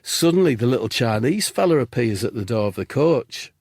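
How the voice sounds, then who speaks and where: A man telling an absurd comic story in a deadpan, rambling way as a podcast co-host. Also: medium pitch, fairly quick, no echo, clean studio sound. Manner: deadpan rambling tall tale.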